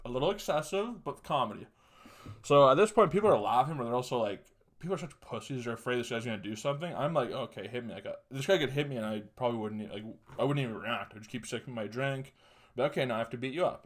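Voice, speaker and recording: A man's voice: mid-range voice, animated, fast. A young man hosting a podcast, telling a story in a casual way, crude and profane, chuckling often. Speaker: podcast host.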